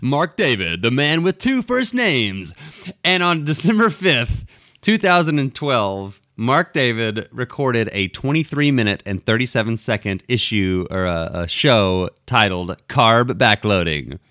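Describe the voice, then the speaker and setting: A man's voice: medium pitch, very animated, a little slow, bright, forceful tone, dry recording, clean studio sound. Rambling man co-hosting a podcast. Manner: rambling, self-deprecating, with many fillers and restarts. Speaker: podcast co-host. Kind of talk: casual podcast banter.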